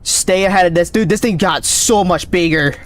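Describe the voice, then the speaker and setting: A man streaming a game live, calling out readings with excited running commentary, his voice cracking. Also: high voice. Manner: excited, calls out numbers rapidly. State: voice cracking, thirsty. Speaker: gaming streamer.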